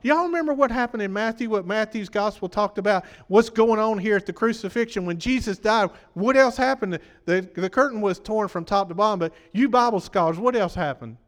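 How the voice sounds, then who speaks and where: A man's voice: high voice, brisk, few pauses, in a large hall. A man preaching a sermon, talking conversationally and quizzing the congregation, his voice worn from preaching.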